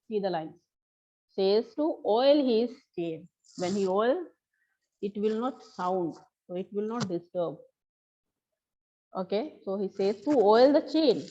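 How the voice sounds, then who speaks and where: A woman's voice: medium pitch, lively intonation, takes it slowly, pauses often, warm tone. A woman teacher, explaining a story to a class and repeating each line in her own words. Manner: explanatory, repeats and paraphrases lines. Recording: slightly dull lo-fi recording.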